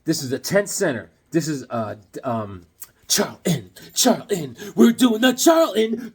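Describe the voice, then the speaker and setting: A man chatting casually about his comic book haul, animated and jokey, slipping into silly voices. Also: on the high side, unhurried, husky. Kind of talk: casual chat.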